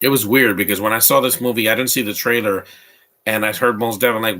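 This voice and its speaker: A man's voice: fairly low pitch, steady tone, fairly quick, pushed and bright. A man giving casual live commentary on a movie, rambling and opinionated as he answers his chat. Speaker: live watch-along commentator.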